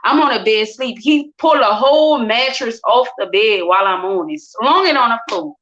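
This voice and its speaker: A woman recounts a painful personal story in a bright, higher voice. She talks with feeling and slips into other voices whenever she quotes someone. The recording sounds dull and lo-fi. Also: normal speed. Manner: animated, acts out quotes in different voices. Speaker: guest sharing her story.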